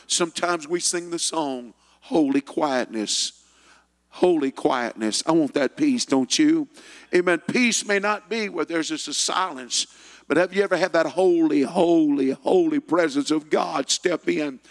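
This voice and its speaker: A man's voice: a little high, moderate pace. A male pastor preaching a sermon and leading a fervent spoken prayer in a church, repeating phrases as he prays. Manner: fervent, repeats words while praying. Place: church sanctuary. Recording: long hall reverb.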